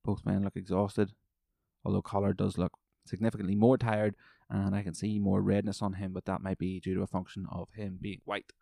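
A man hosts his own podcast, rambling and swearing with excitable energy while calling a fight as he watches. His voice sits on the low side. The recording is dry and close, with no room echo. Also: a little fast, gravelly. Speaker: podcast host. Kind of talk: solo podcast chat with live fight commentary.

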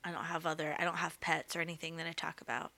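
A woman's voice: sits low, flat delivery, fast, gravelly, bright, forceful tone. A woman co-hosting a podcast, with a slight lisp from braces, chatting in a laid-back, trailing-off way. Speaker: podcast co-host. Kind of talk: casual chat.

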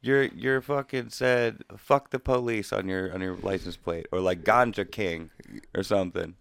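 A man's voice: low voice, moderate pace, creaky, a bit bright, smooth, dry recording. A man co-hosting a podcast, cracking jokes and teasing his co-host. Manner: joking, teasing reactions. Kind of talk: casual chat.

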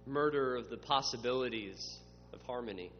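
In a mid-range voice at normal speed, a man preaches as a pastor, building up to emphatic lists and voicing quoted questioners with drama. The recording is muffled and hums faintly beneath a long reverb.

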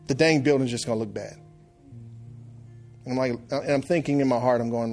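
A middle-aged man preaching a sermon, telling stories that swing from quiet, hushed lines to loud shouted outbursts. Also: mid-range voice, fairly quick, long pauses, soft background music. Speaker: pastor.

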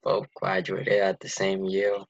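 A man in his twenties with a Boston accent, giving short, low-key replies in a casual podcast chat. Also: completely flat delivery, a little slow, no room sound. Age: 20s. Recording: dull lo-fi recording.

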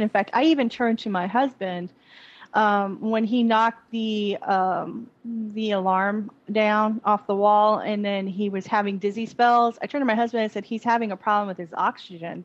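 A woman's voice: medium pitch, lo-fi sound. A woman co-hosting a podcast, chatting casually about a TV episode in a rambling way with many restarts. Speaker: podcast co-host. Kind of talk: casual chat reviewing a TV episode.

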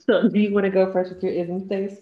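A woman co-hosting a podcast in casual chat, blunt and animated, quick to laugh at herself. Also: medium pitch, dull audio. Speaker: podcast co-host.

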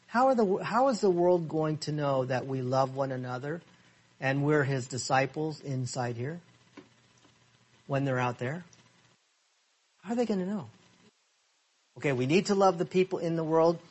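A man teaching a Bible study class, reading verses slowly and asking the class questions. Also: fairly high pitch, breathy edge. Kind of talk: interactive Bible study lesson. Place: church classroom.

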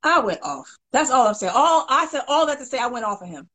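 A woman hosting a casual chat, talking in an animated, emphatic way and often restarting her phrases. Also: sits high, fast talker, low-quality recording. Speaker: host.

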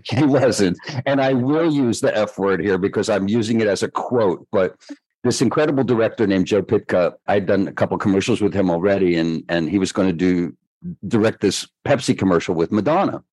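Older man telling lively stories. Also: on the low side, fairly quick, no room sound, low-quality recording. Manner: lively storyteller who acts out quoted voices. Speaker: guest choreographer. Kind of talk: storytelling in a podcast interview.

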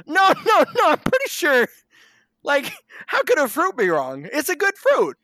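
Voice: mid-range voice, fast talker, a bit bright, no room sound, close to an everyday voice. A speaker voicing Satan as a dim-witted snake with a breezy, falsely innocent manner in a comic retelling. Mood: insistent.

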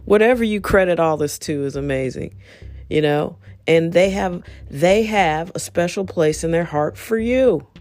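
A middle-aged woman talking earnestly in a rambling, reflective podcast monologue about self-talk, with soft music behind. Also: lowish voice, measured pace, dry recording, studio quality. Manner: earnest, rambling, self-help tone with many "you know"s. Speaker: podcast host.

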